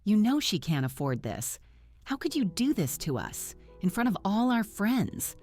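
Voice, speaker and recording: A woman's voice: medium pitch, sing-song, a little slow, darkish tone, faint music behind, pitched above the performer's own voice. Woman reading as an enraged, snapping father. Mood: scoffing. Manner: snapping, scoffing. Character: angry middle-aged father, tight with rage.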